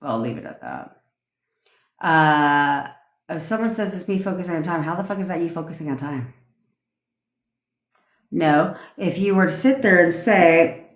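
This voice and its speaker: A woman with a low voice rants on her livestream, blunt and full of swearing, tossing off quick laughing asides. The sound has an echoey room around it, like a phone recording in a bare space. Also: animated. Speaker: manifestation coach. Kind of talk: casual livestream rant.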